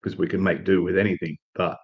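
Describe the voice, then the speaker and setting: Speaking quickly in a low register, an Australian guy rambles casually through a story for his live stream audience, with fillers and restarts along the way. The recording is muffled.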